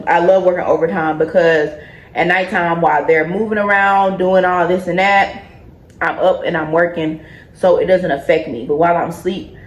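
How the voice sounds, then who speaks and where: A young woman in a casual pregnancy update vlog, chatty and loose, joking and laughing between her points. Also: fairly low pitch. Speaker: vlogger. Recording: echoey room.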